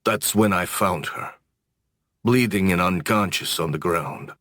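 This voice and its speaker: A man narrating a first-person audiobook in a brooding, measured manner. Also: low-pitched, fairly bright tone, dry recording, studio quality.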